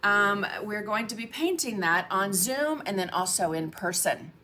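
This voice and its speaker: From her home painting studio, a chatty woman hosts a painting livestream, greeting viewers by name and laughing often. Her medium-pitched voice is bright, forceful, and expressive at a measured pace, though she's coughing with a frog in her throat. Slight background noise is present.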